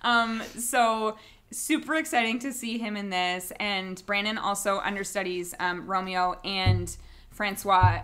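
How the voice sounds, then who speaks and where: A woman's voice: mid-range voice, a bit bright, clean tone. A woman co-hosting a theatre podcast, chatting enthusiastically about a musical. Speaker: podcast co-host. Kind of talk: casual chat.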